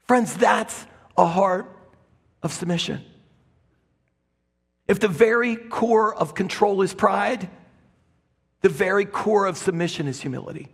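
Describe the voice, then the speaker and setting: A man's voice: high-pitched, a little slow, gravelly, pauses often, fairly bright tone, breathy edge. A man preaching a sermon as a pastor, dramatic, crying out quoted lines at full voice. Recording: long hall reverb.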